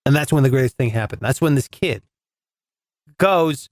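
A man's voice: fairly high pitch, animated, normal speed, no room sound, clean studio sound. A man hosting a podcast, telling a comedic story in a chatty, sarcastic way. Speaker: podcast host.

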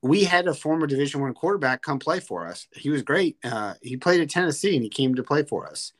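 A man's voice: on the high side, sing-song, fairly quick. A young man co-hosting a casual sports podcast, ranting heatedly and swearing freely. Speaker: podcast co-host.

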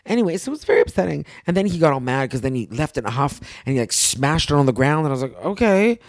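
A woman telling a story in a casual chat, acting out quotes with big jumps in pitch. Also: lively intonation, rapid-fire, no room sound.

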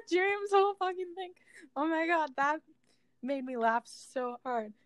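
A young woman co-hosting a podcast, chatting casually, excitable and giggly, swearing a lot. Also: extremely high pitch, takes it slowly, no room sound. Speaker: podcast co-host. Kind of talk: casual chat.

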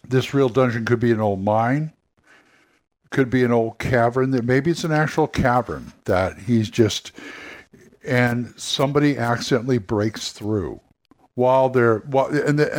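A man hosts a solo podcast in a loose, unscripted monologue. He thinks aloud, circling back and restarting his sentences as the ideas come. His voice sits at an ordinary middle pitch. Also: unhurried. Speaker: podcast host.

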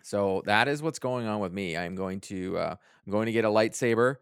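A man's voice: fairly low pitch, moderate pace, smooth, no room sound, clean studio sound. A man in his thirties, a guest on a podcast, chatting casually and acting out the voices of people in his stories. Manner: animated storyteller, acts out quoted voices. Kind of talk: casual chat.

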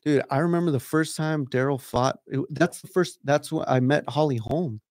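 A man's voice: on the high side, normal speed, a little mellow, no echo, clean studio sound. A man guesting on a podcast, telling stories in a rambling, profane way and saying "dude" a lot. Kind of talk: casual chat.

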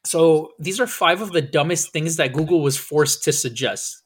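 Fast-talking man on a podcast. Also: fairly high pitch, slightly rough. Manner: fast-talking, swears, laughs often. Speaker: podcast co-host. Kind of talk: casual podcast chat.

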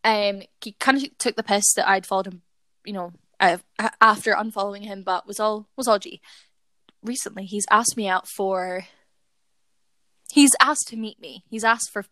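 A woman's voice: medium pitch, steady tone, normal speed, bright, forceful tone, no room sound. A young woman co-hosting a podcast, telling a personal story in casual chat and talking to her listeners. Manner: chatty storytelling, giggly, addresses listeners. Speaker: podcast co-host.

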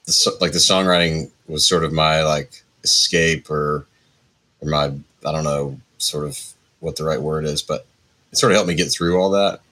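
A man in his forties, a musician guest, telling his story in a relaxed, rambling way with many hedges. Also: a bass voice, normal speed. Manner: rambling, lots of hedges and restarts. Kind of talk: casual interview storytelling.

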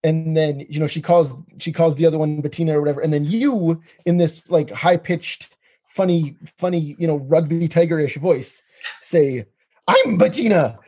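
A man's voice: on the high side, steady tone, normal speed, mellow. A man co-hosting an interview who gushes enthusiastically about funny moments. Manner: enthusiastic, laughing, gushing. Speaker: podcast co-host. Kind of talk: casual interview chat.

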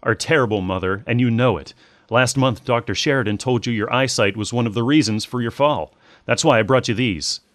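Exasperated grown daughter, voiced by a man, raised pitch, brisk, scolding, dry storybook reading. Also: a bit bright, dry recording, natural voice.

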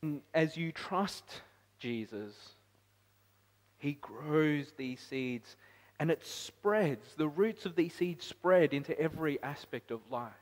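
Preacher with ringing hall reverb. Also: male voice, a little high, expressive, takes it slowly. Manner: rises to loud emphatic peaks, then drops quiet. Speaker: pastor. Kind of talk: sermon.

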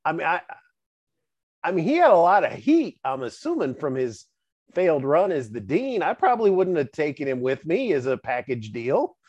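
A man's voice: a little high, big pitch swings, moderate pace, darkish tone, dry recording. A man hosting a wrestling chat, joking, laughing and asking pointed questions. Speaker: podcast host, wrestling fan. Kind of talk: casual podcast chat. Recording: dull dry lo-fi sound.

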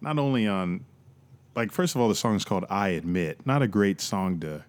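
Young man, very low voice, casual podcast chat, joking and profane. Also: animated, moderate pace. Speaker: podcast co-host.

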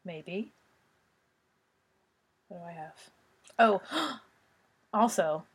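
A woman co-hosting a podcast in loose, casual chat. Her voice is breathy and husky, and she talks slowly. She teases her friend with a bouncy, swooping delivery and giggles often. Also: medium pitch. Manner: giggly, teasing, lively. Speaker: podcast co-host.

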